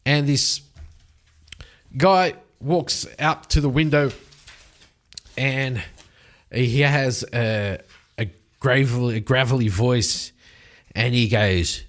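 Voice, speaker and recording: A man narrating a solo tabletop adventure in a loose, rambling way, correcting himself as he goes. His speech is slow and unhurried, at an ordinary middle pitch. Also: a bit bright. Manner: casual, rambling, self-correcting. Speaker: solo game player and narrator.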